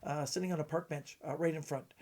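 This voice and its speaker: A middle-aged man from Canada, telling stories in a halting way with many fillers. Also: a little high, fairly even intonation, a little mellow. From British Columbia, Canada. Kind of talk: casual storytelling.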